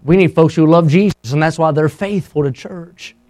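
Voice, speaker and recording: A middle-aged man preaching a sermon as a pastor, impassioned and swinging between loud and hushed. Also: a little high, normal speed.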